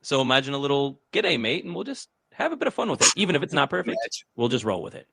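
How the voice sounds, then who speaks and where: A man's voice: medium pitch, very animated, fast talker, bright, forceful tone, husky, no room sound, studio quality. A synthetic man's voice working as an AI assistant, cheery and agreeable in its replies. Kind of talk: upbeat chatbot replies.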